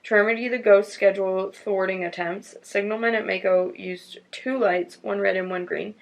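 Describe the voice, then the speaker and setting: Female podcast host, casual and chatty, gravelly fry in the voice, reads stories aloud. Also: medium pitch, low-quality recording. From North Carolina.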